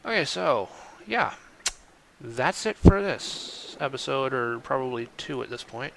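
Gravelly-voiced man swearing at a game. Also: medium pitch, expressive, a little slow, sharp tone, slight background noise. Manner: exasperated, swearing often. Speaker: let's play host. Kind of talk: gameplay commentary.

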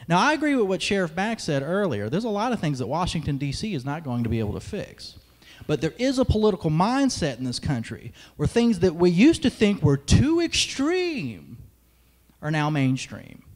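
A young man giving an emphatic political speech at a conference, with sarcastic asides. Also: sits high. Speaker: conference speaker, radio host. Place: large hall. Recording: long hall reverb.

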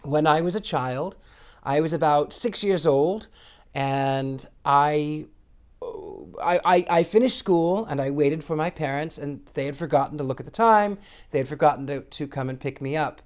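Earnest soft-spoken man musing. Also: on the high side, normal speed. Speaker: psychic sharing personal reflections. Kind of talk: reflective monologue.

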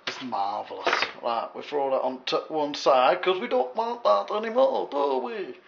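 This English home cook has a voice that sits high, with vocal fry, at normal speed. He gives a casual, jokey kitchen demo, often rambling off in asides to the viewer, and the recording comes across as echoey, dull, and lo-fi with faint hiss.

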